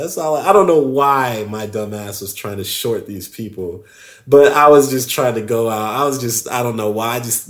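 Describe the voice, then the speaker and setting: Guy with a lowish voice telling a wild story on a podcast, animated, laughs a lot, swears. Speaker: podcast guest. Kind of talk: casual storytelling in a podcast interview.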